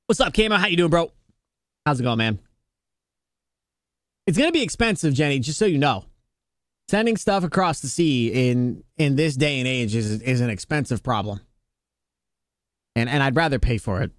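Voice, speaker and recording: A man chats casually with his live-stream viewers. He rambles, restarts his sentences and answers chat as he goes. His voice sits at a middle pitch and sounds dry and close to the mic. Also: lively intonation, moderate pace, long pauses, fairly bright tone, no room sound.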